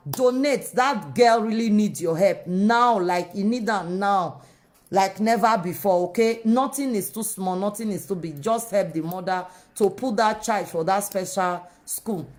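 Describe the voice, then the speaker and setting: A woman with a Nigerian accent talking straight to her viewers in a casual, animated monologue that switches between English and Pidgin. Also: mid-range voice, measured pace. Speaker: vlogger.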